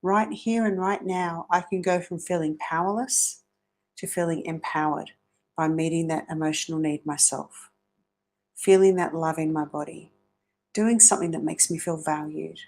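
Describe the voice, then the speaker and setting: A woman's voice: low-pitched, fairly even intonation, normal speed, darkish tone. A woman hosting a motivational self-help talk, earnest and coaching, often asking rhetorical questions.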